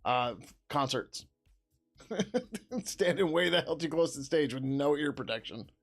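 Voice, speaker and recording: Soft music plays in the background as an open-source developer works on code live, reading and answering chat questions with frequent laughter. His voice sits on the high side, animated, unhurried and creaky, and he sometimes switches to a loud joking whisper.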